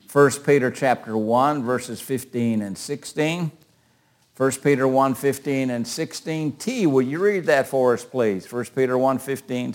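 An older man teaching a Bible class in a conversational way, asking questions and calling on readers. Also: medium pitch.

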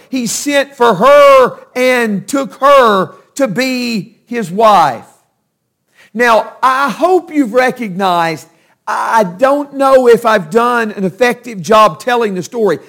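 A man's voice: very high-pitched, creaky, fairly bright tone. A man preaching a sermon, retelling a Bible story with emphatic storytelling that stresses key words.

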